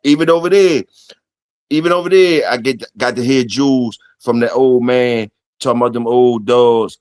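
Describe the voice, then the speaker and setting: A man's voice: medium pitch, normal speed, a little mellow, no echo. A man hosting a casual solo livestream, talking loosely and profanely to his chat and reading comments aloud. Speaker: livestream host.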